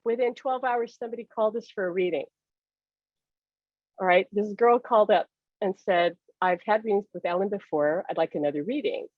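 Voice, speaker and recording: A woman appears as a psychic medium guest, recounting personal stories with lots of animation, frequent laughter, and acted-out dialogue. Her voice sits at medium pitch and moves briskly, and the sound is dry and phone-quality.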